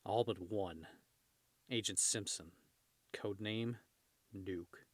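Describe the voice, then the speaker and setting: A man with a fairly low voice reads a comic book aloud in a dry, close room. He breaks off often to joke about the panels, and from time to time he shouts out the characters' lines. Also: slow, dry recording. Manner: shifts into loud shouted character voices for dialogue. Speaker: host reading comics aloud. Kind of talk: casual comic read-along with commentary.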